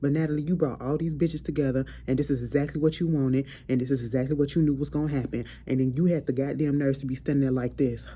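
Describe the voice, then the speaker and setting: A woman hosting a casual, profane chat, recapping reality TV in a blunt, animated way. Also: extremely low pitch, quick pace, few pauses, slightly rough. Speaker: host.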